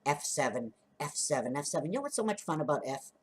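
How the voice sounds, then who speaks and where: A woman's voice: low-pitched, very animated, fast, slightly rough. A woman vlogger talking in a rambling, free-associating monologue, laughing often and counting out numbers and letters as she sketches.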